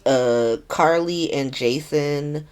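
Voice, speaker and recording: Low-voiced woman in casual recap chat. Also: very slow, a little mellow, clear, resonant tone. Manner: chatty, profane, acts out quotes in shifting voices. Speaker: podcast host recapping a soap opera.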